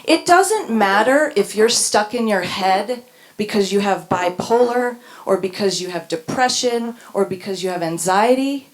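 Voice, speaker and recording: A woman's voice: mid-range voice, animated, unhurried. A woman reading her own personal essay on a stage in front of a live audience, with a wry, emphatic delivery. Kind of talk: spoken essay read on stage.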